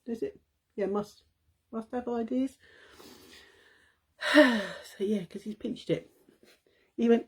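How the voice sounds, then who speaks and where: A woman's voice: fairly high pitch, slow pace, long pauses, breathy edge. A middle-aged woman, chatting casually to viewers on a live stream, telling a funny family story and laughing often.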